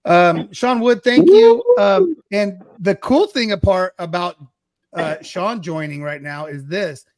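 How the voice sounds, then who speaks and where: A man's voice: high-pitched, sing-song, slow, a little mellow, no echo. A middle-aged man hosting a casual livestream chat show, talking in a rambling, apologetic way with frequent restarts.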